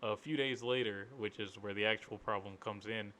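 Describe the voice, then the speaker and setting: A man's voice: fairly low pitch, fairly even intonation, moderate pace, bright, forceful tone, slight background noise. A man in his twenties telling a story casually, rambling with lots of filler words. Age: 20s. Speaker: vlogger.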